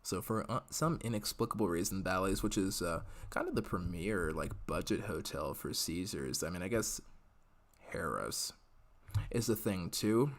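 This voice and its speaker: A man's voice: low-pitched, animated, moderate pace. A young man casually hosting a live podcast, chatting and rambling with lots of fillers. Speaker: podcast host reading live chat. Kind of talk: casual live-stream chat.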